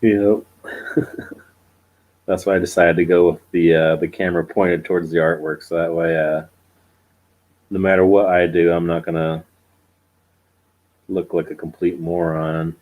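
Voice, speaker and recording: Very deep-voiced man. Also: flat delivery, measured pace, long pauses, darkish tone, low-quality recording. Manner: joking, self-deprecating, chuckles often. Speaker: co-host. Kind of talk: casual chat on a live stream.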